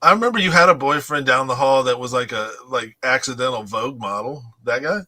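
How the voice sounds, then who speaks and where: A man in his forties teases his friend and laughs easily in a casual chat. His voice is bright and sharp. The sound is dry and close. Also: medium pitch, fairly quick, dry recording. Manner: teasing, laughs often. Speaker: guest musician.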